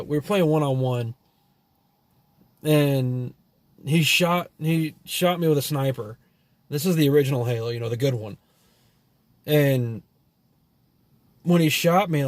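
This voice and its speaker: This Texas man has a mid-range, slightly mellow voice, captured dry. In his Texan accent he wanders through a storytelling monologue, cursing freely, leaning on fillers and letting ideas drift off unfinished.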